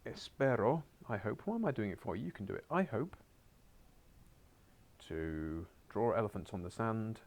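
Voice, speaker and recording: Low, gravelly man teaching a class. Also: lively intonation, normal speed. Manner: coaxing, wry asides, drops to muttered whispers. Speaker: Spanish teacher. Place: school classroom.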